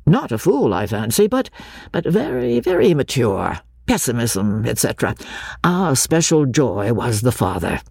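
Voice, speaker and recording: A woman voicing a gossipy middle-aged clergyman with halting, chattering speech in an audiobook. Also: rumbling low, big pitch swings, gravelly, dark tone, breathy edge, no room sound, clean studio sound, full character voice. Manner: chattering, hesitant.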